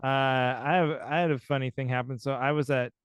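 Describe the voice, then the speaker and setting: A man's voice: medium pitch, steady tone, brisk, clear, resonant tone, no echo, clean studio sound. A man co-hosting a podcast, chatting casually in a wry, rambling, self-deprecating way. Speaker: podcast co-host. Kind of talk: casual chat.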